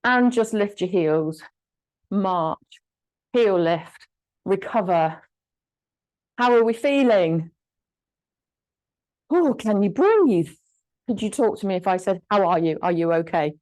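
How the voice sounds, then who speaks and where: Slow, encouraging woman leading an exercise class. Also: mid-range voice, lively intonation, a little mellow, low-quality recording. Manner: slow, encouraging cues with short counted commands. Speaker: fitness instructor.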